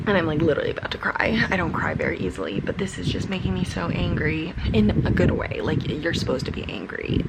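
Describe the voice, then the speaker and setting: A woman's voice: fairly low pitch, big pitch swings, fast talker, few pauses, very noisy. Young woman book vlogger, chatty, gushing, casual vlog talk. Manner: chatty and gushing, lots of "really" and "like".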